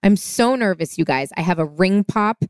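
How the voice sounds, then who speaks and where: A woman in casual storytelling mode, lively and animated, slipping into the voices of the people she quotes. Her tone is smooth and clear, and it sits close and dry on a studio mic with no room sound. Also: medium pitch, moderate pace, no room sound. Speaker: podcast guest.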